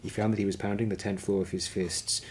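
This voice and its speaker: A man narrating an audiobook in a steady, measured reading. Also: fairly low pitch.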